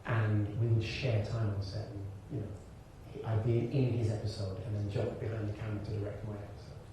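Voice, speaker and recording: A man from Birmingham, an actor and director, telling animated stories to an audience on stage in a live conversation. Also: fairly low pitch, fairly quick. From Birmingham, England. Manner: animated storyteller, frequent restarts and laughter. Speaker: actor and director, interview guest. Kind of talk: onstage conversation before an audience. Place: large hall with audience. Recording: echoey hall from far off with background hiss.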